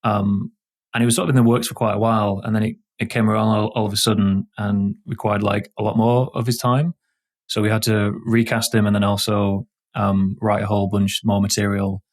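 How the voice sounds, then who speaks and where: A man's voice: fairly low pitch, level tone. A man with a Yorkshire accent, a game developer guest in a casual podcast chat, thinking aloud and restarting his sentences often. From Yorkshire, England. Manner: thoughtful, halting with many restarts.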